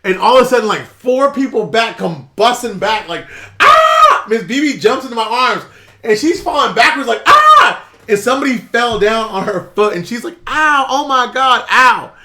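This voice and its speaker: A man with a Southern US accent telling a story in casual chat, animated, acting out quotes and laughing often. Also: sits high, fairly quick, roomy sound. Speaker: channel host.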